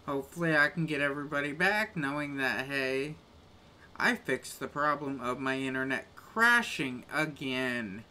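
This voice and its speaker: Slow-talking, bright-voiced male streamer. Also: medium pitch, expressive, a little hiss or hum. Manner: grumbling, exasperated rants. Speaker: game streamer. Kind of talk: casual live-stream chat while gaming.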